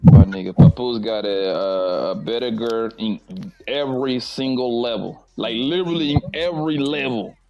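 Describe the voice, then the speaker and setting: A man's voice: mid-range voice, moderate pace, creaky, warm tone, dull audio. A man on a casual panel, blunt and sarcastic in how he puts his points. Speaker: guest panelist. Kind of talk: casual chat.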